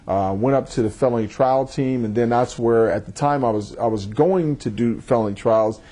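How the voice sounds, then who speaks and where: A man, a judge, giving thoughtful and measured interview answers, often repeating words as he starts a thought. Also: mid-range voice, dark tone.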